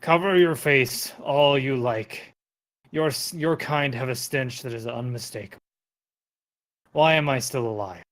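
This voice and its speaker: A man voicing a wounded male giant who is bitter and scornful, speaking slowly and with weight, in a tabletop game. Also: medium pitch, fairly bright tone, natural voice.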